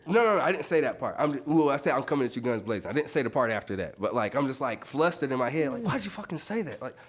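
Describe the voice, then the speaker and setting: On a casual podcast, a male tattoo artist talks fast and animatedly at a medium pitch. He tells stories in slangy, profanity-laced language, his voice leaping suddenly whenever he acts out what someone said.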